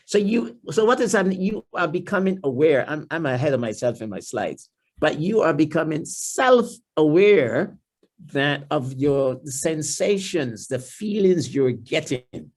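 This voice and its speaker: A man with a Trinidadian accent, a guest speaker at a church family series, explaining and often repeating words and restarting, and dropping into a lower, softer voice when he voices someone's inner thoughts. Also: very animated, measured pace. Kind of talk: seminar-style talk in church.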